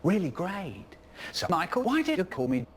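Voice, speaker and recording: A man's voice: sits high, normal speed, slightly rough, full character voice. A man playing a dry, sarcastic friend on a call. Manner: flat, sarcastic replies. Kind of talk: comedy skit acting.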